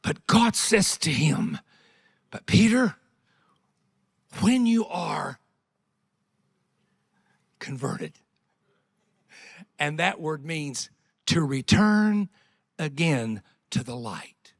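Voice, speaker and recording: A man preaching a revival sermon with fervent, emotional delivery, swinging between loud passages and hushed ones, with conversational asides. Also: on the high side, sing-song, very slow, gravelly, long pauses.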